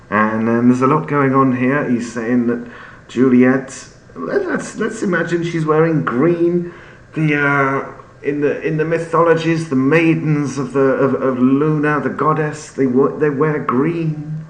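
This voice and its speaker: A man explaining a play in an unhurried storytelling manner, sometimes restarting with fillers as he searches for words. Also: fairly high pitch. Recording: echoey room with faint ambience.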